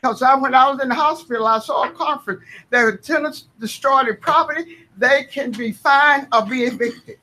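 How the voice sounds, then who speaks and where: A woman's voice: sits high, normal speed, bright, forceful tone. A woman, speaking as a tenant during public comment at a board meeting, earnest, folksy and insistent. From Southern United States.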